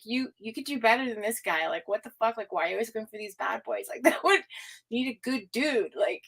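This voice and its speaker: A woman's voice: sits high, fairly bright tone, low-quality recording. A woman giving a live tarot reading, talking casually with lots of fillers, frequent laughs and a bit of swearing. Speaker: tarot reader. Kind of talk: live-stream psychic reading.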